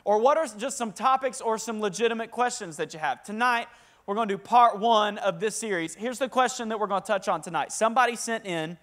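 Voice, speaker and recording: High-voiced Southern US pastor. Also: male voice, brisk. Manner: talkative, energetic, calls for crowd responses. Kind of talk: lively sermon to a congregation.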